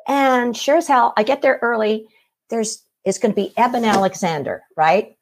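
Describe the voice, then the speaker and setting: A woman's voice: mid-range voice, expressive, normal speed, creaky. A middle-aged woman casually telling her own story, acting out the voices of the people in it. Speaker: guest telling her near-death experience.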